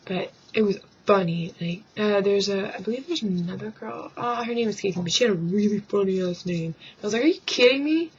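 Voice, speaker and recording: A woman's voice: mid-range voice, fairly quick, hardly any pauses, husky. A woman vlogging to her webcam at home, rambling through a joking rant and dropping into mock voices and whispered asides. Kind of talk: casual comic rant to camera. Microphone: webcam microphone. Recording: dull lo-fi webcam sound.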